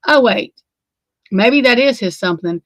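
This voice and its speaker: A woman's voice: a little high, animated, normal speed, dry recording. A woman hosting a casual true crime livestream, sleepy and yawning, rambling and swearing in exasperation as she talks to her chat. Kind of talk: casual live commentary.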